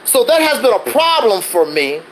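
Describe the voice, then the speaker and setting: A man's voice: very high-pitched, big pitch swings, normal speed, a little hiss or hum, rough recording. A man hosting a livestream, ranting defensively in a casual monologue full of rhetorical questions. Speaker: livestreaming channel host.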